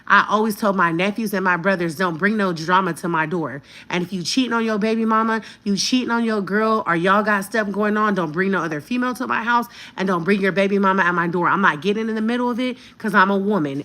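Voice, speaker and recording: A woman's voice: medium pitch, fast, sharp tone. A woman in her fifties telling a heated story to her viewers, blunt and profane. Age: 50s. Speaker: vlogger.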